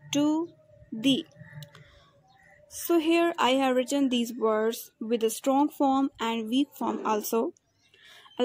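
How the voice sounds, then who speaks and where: Slow, high-voiced woman teaching pronunciation. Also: a little mellow, no room sound. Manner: slow, careful, repeats example sentences. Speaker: English phonology student presenter. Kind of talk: recorded lesson.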